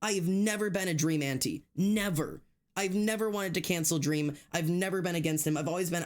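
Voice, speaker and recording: A man's voice: on the high side, normal speed. Guy streamer on a desk mic, cusses a ton, rants to chat then laughs at himself. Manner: talks straight to chat, many restarts. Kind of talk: casual livestream chat.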